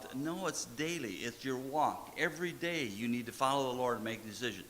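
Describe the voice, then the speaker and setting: Folksy preacher in a reverberant church. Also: male voice, mid-range voice, fairly quick, a bit bright, slight background noise. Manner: folksy, plain-spoken, repeats short commands. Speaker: pastor. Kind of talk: sermon. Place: church sanctuary.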